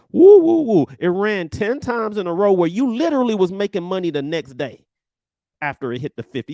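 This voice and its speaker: A male trading coach talks to his viewers in an animated, emphatic and blunt way, his pitch leaping high and low. His voice sits a little high for a man and has a gravelly fry. The recording sounds dry and close. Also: dry recording. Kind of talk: energetic online trading lesson.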